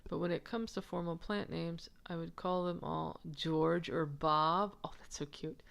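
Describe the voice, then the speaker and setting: A woman's voice: deep voice, fairly even intonation, measured pace, gravelly, fairly bright tone. A woman giving a casual, chatty lesson on a manuscript, giggly and rambling, who stops to answer viewer comments. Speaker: manuscript researcher presenting her findings.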